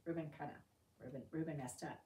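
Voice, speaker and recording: A woman's voice: deep voice, quick pace, far from the mic. Woman teaching Bible study in an echoey room. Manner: conversational, asks the group questions; reads scripture aloud with lively emphasis.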